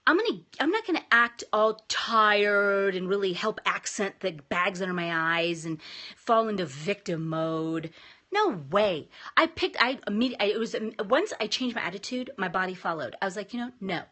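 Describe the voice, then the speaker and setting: A woman's voice: medium pitch, lively intonation, moderate pace, bright, forceful tone. A woman in her thirties, a homeschooling mom, chatting casually and encouragingly to camera about self-care and faith. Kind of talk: casual motivational chat to camera.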